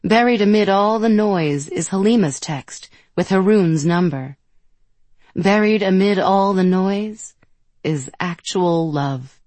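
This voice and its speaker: A woman narrating an audiobook in a measured, gentle storytelling manner, close to the mic. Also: mid-range voice, no echo. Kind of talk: scripted narration.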